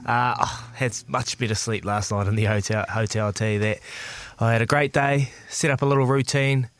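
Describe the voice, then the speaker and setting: Man, New Zealand accent, relaxed breakfast co-host, says mate a lot, dry studio mic. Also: mid-range voice, moderate pace, smooth, dry recording. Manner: laid-back, calls everyone mate. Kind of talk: casual radio banter.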